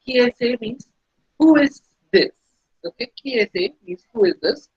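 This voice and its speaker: A woman teaching a beginner French lesson, explaining slowly and patiently and repeating each phrase. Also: on the high side, husky, no room sound. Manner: slow, patient explaining with repetition. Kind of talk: recorded language lesson. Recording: dull lo-fi recording.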